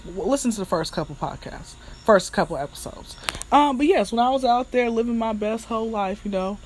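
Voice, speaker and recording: A woman's voice: on the high side, fairly quick, slight background noise. A woman hosting a candid solo podcast, telling frank stories with laughs and talking straight to her listeners. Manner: chatty and animated, addressing listeners as y'all. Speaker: podcast host.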